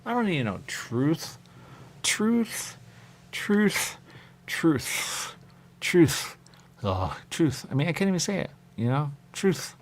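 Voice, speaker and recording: A man putting on a squeaky giddy Martian. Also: takes it slowly, exaggerated voice. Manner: high squeaky excited put-on voice, goofy. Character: gleeful lie-loving male Martian, boastful and silly.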